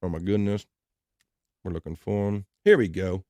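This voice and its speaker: A man's voice: sits low, steady tone, moderate pace, darkish tone, dry recording. A middle-aged man hosting a livestream, chatting loosely and reading out viewer comments. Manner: rambling, loose and chatty with fillers. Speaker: livestream host.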